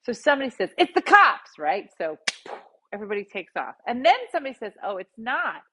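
A woman host casually telling a funny story, jumping into loud quoted voices. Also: on the high side, very animated, a little fast, slight background noise. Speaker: podcast host.

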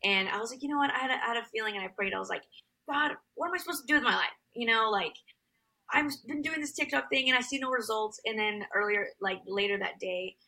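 A woman's voice: a little high, fast, creaky, bright, forceful tone, poor audio. A young adult woman singer telling her story as an interview guest, rambling with many fillers.

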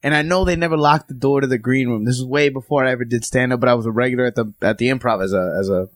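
A man's voice: medium pitch, racing, no room sound, studio quality. A man and stand-up comic chatting casually, telling an eager, profane fan story. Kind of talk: casual chat.

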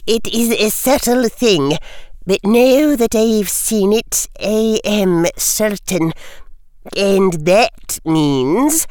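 A man voicing a stern, prim older female professor in an audiobook, speaking slowly and precisely. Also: high voice, darkish tone, clear, resonant tone, dry recording, studio quality, voice pushed up. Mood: grave.

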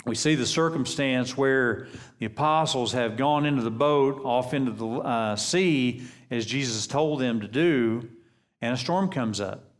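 A man delivers a sermon, first reading the passage aloud at an unhurried pace. His voice sits in an ordinary middle range. He leans into the quoted words before settling back into plain explanation. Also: mid-range voice. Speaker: preacher.

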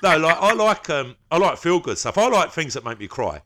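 Animated man, bright voice. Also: fairly high pitch, fairly quick. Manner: animated storyteller, laughs often, slangy. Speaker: podcast co-host. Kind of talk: casual chat.

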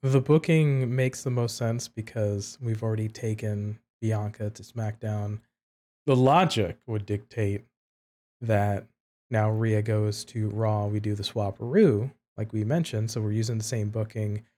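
A man co-hosting a wrestling podcast, talking in a measured way and thinking aloud in casual chat. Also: on the low side, fairly even intonation, warm tone. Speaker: podcast co-host.

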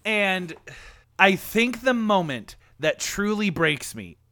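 A man's voice: sits high, sing-song, takes it slowly, pushed and bright, dry recording, clean studio sound. A young man retelling a film scene in a casual, emotional podcast chat, full of "like" fillers. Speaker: podcast co-host. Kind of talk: casual movie discussion.

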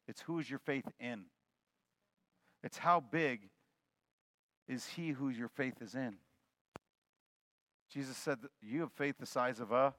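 A male pastor preaching a sermon in a loose, conversational and joking way, swinging between loud and soft. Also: medium pitch, no room sound.

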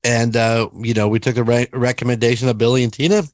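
A man hosting a podcast in casual chat, laid-back and quick to laugh. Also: medium pitch, little pitch movement, no echo. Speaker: podcast host.

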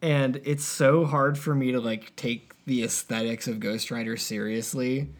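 A man co-hosting a podcast chats casually in an unhurried, mid-range voice. He's lively yet a little sleepy, rambling along with lots of fillers.

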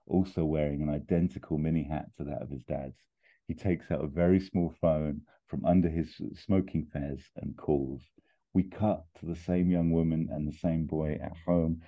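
Laughing as he goes, a man on a podcast animatedly narrates a scene he's pitching for a comedy film. It's comic storytelling, and the audio has a tinny, phone-like quality.

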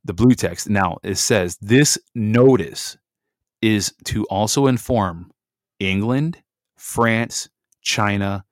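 A middle-aged man from Michigan, reading documents aloud slowly with emphasis and breaking into casual chatty asides as a host. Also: lowish voice, no echo, clean studio sound. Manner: reads slowly with emphasis, then chats in asides.

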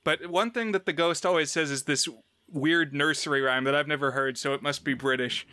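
A man's voice: mid-range voice, normal speed, clear, resonant tone, dry recording. A man co-hosting a podcast, chatting casually about a film he has watched and animatedly retelling scenes in quoted voices. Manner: animated retelling, quoting characters in raised voices. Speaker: podcast co-host. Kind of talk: casual film review chat.

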